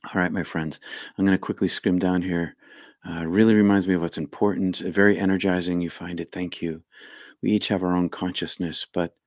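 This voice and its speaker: Low-voiced man musing, halting. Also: flat delivery, darkish tone, dry recording, clean studio sound. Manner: rambling, halting, reflective. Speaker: spiritual leader reading viewer comments. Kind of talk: casual live-stream talk.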